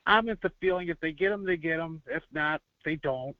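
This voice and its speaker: A man's voice: fairly high pitch, moderate pace, dry recording. A man from Buffalo, New York, calling in to a fan show, chatting in a friendly way and laughing often. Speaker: caller. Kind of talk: phone-in chat. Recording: muffled call-in line.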